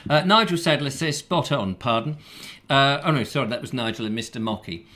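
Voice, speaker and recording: A man's voice: mid-range voice, brisk, bright, forceful tone. A man co-hosting a comic live chat show, teasing his partner and reading out viewer comments. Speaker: co-host.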